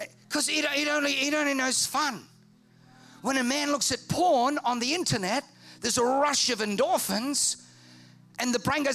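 Male pastor, sermon, high and lively delivery with a bright edge. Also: moderate pace. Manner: animated, joking, emphatic.

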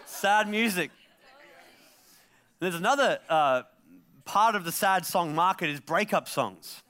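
A man preaching a sermon to a live congregation, moving from jokes to loud exhortation. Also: sits high, expressive, takes it slowly. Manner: joking, then rising to a loud exhortation. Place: live service before a gathered congregation.

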